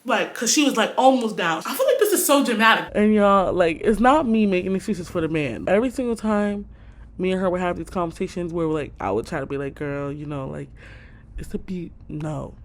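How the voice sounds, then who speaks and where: A young woman vlogger telling a storytime tale in a slangy, animated way, acting out what people said. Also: lowish voice, a little fast, reverberant. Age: young adult. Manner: animated, slangy, acts out quotes loudly. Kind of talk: storytime vlog.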